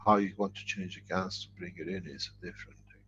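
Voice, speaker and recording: A middle-aged man lecturing and answering questions, speaking in halting, broken phrases over a dull lo-fi online call. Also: deep voice, fairly even intonation, fairly bright tone, slight background noise. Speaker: foundation leader answering questions.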